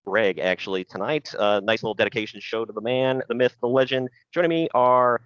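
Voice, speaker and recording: A man's voice: medium pitch, fairly even intonation, fairly quick, a bit bright, smooth, no echo. A man hosting a podcast in casual chat, easygoing and rambling with lots of fillers and restarts. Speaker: podcast host. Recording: dull, lo-fi sound.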